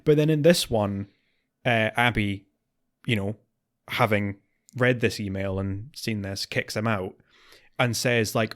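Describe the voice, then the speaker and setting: A man co-hosting a podcast in casual chat, getting animated and higher when worked up. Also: unhurried, pauses often. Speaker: podcast co-host.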